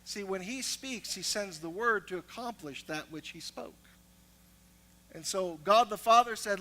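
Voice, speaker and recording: A man delivers a sermon in a high, bright voice. He shifts between personal storytelling and emphatic, building teaching, like a pastor working his congregation. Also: expressive, moderate pace, a little hiss or hum, poor audio.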